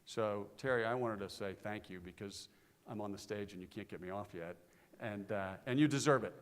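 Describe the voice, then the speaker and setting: A man's voice: fairly low pitch, a little fast, clear, resonant tone. Earnest middle-aged man speaking in a reverberant hall. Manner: earnest, storytelling, gets animated in anecdotes. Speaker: conference speaker. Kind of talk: conference tribute speech. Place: conference stage in a large hall.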